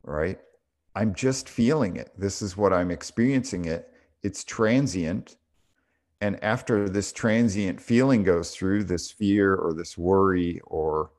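Brief: middle-aged man, deeper voice, podcast co-host, thoughtful storyteller who hesitates and restarts. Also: lively intonation, slow, darkish tone. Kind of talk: casual spiritual podcast talk.

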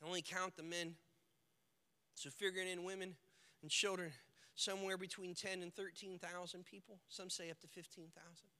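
High bright-voiced preaching man, reverberant hall. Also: flat delivery, moderate pace. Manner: dynamic preaching, swings from hushed to shouting; acts out quoted characters in the stories. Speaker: pastor. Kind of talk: sermon.

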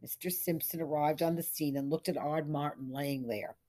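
A woman reading a short story aloud as scripted narration, in a measured storytelling manner. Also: sits low, fairly even intonation, mellow. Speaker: story reader.

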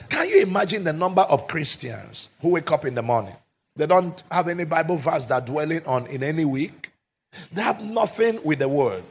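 A man preaching a sermon as pastor, emphatic and often shouting, with rhetorical questions to the congregation. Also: a little high, gravelly, husky.

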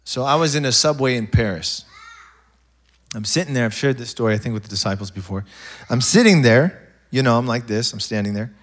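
Guy preaching a sermon, mid voice, goes soft then booms, rambly story bits. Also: fairly quick. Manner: animated preaching, swings from quiet asides to loud bursts; loose storytelling with restarts and laughs. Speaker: pastor.

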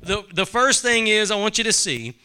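A man's voice: high voice, big pitch swings, normal speed, pushed and bright, smooth. A man preaching a sermon in a conversational way, asking the congregation questions and acting out quoted voices.

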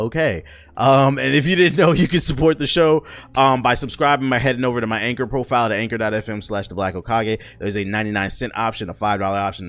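A man's voice: medium pitch, no echo. A man hosting his own podcast, rambling and joking in a casual, profane rant. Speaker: podcast host.

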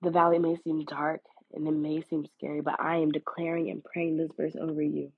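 A woman's voice: low voice, flat delivery, fairly quick, few pauses, husky. A woman hosting a podcast, giving an earnest devotional talk in a casual, preachy way full of fillers. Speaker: podcast host. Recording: phone-like, lo-fi audio.

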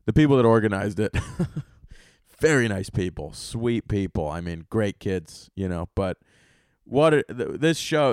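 Young guy comedian riffing solo on his podcast, swears a lot, gets loud in bursts, dry close sound. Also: on the low side, smooth, no room sound. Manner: profane, rambling comic storytelling. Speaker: podcast host and stand-up comedian.

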